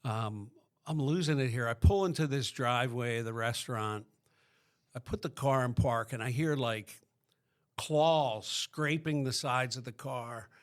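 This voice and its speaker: A man's voice: mid-range voice, a little slow. A middle-aged man from Pennsylvania, a podcast guest, tells his recovery story in a rambling way, full of restarts.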